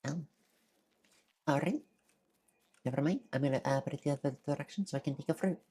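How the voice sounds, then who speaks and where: Low husky lady streaming a game, chatty, munching between lines. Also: brisk, warm tone. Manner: chatty, talks while eating. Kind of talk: casual let's-play chat.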